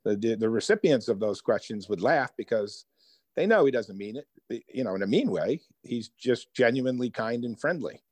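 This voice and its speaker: A man telling personal stories as a guest in an interview, lively and conversational. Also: medium pitch, moderate pace, no echo. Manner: animated storyteller, acts out quoted voices. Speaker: author and guest. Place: Hoboken.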